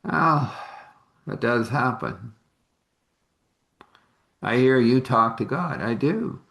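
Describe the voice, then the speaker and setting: A man's voice: on the low side, vocal fry, a bit bright. A man telling a rambling, homely story in a casual way, chuckling often.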